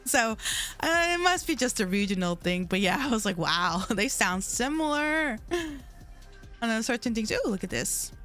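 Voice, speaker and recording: A woman's voice: on the high side, sing-song, normal speed, a bit bright, faint music behind. A young woman livestreaming from home, chatting casually with her chat in a rambling way, full of "like" fillers, into a desk mic.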